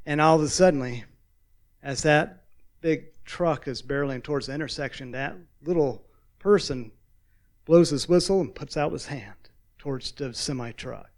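Gravelly-voiced man giving a sermon. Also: medium pitch. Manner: storytelling, conversational, with fillers and throat-clearing. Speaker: missionary speaker. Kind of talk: sermon with slides.

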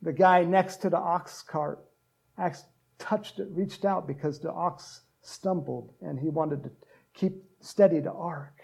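A man preaching a sermon, joking with the congregation and breaking into loud shouts to act out cheering crowds. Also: on the high side, a little slow, vocal fry. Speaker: pastor.

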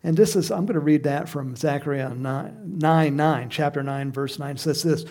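A man preaching a sermon, animated, who acts out the crowd's shouts and reads scripture aloud. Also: a little high, moderate pace. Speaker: pastor.

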